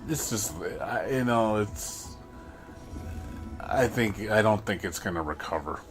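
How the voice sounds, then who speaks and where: A man's voice: on the low side, lively intonation, slow pace, music in the background. A man livestreaming, ranting in frustration in casual commentary, often repeating and restarting his words.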